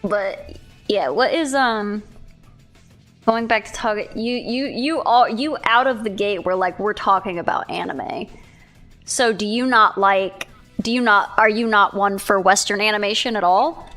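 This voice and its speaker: A woman's voice: medium pitch, measured pace, fairly bright tone, soft background music. A woman hosting a casual stream chat, giggly and chatty, often trailing off and restarting her sentences. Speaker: streamer host.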